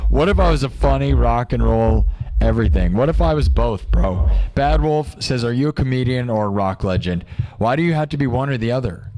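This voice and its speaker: A man's voice: medium pitch, lively intonation, a little fast, mellow. A young man hosting a livestream, chatting casually and joking while he reads out viewer comments, rambling and firing off rhetorical questions. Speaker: livestream host.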